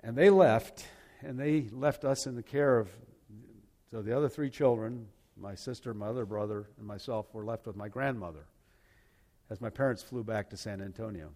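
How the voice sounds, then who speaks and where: An older man earnestly retelling a painful family story, halting and repeating words as he goes. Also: on the low side, a little mellow. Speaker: personal testimony speaker. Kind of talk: personal storytelling.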